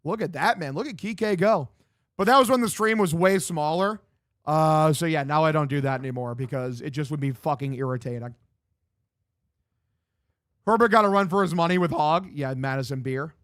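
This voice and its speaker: A man's voice: on the high side, normal speed, a bit bright, dry recording, clean studio sound. A young man streaming from home, chatting loosely with his viewers and calling the game play-by-play. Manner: loose, profane, reads chat aloud and answers. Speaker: streamer doing live play-by-play. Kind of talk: casual stream chat with play-by-play commentary. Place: home room.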